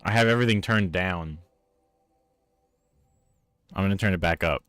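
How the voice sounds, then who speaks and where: A man's voice: deep voice, normal speed, fairly bright tone, clear, resonant tone, no room sound, soft background music. A man with a Newfoundland accent, chatting casually on a live stream and arguing with viewers about his microphone. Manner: exasperated, arguing with chat about his mic.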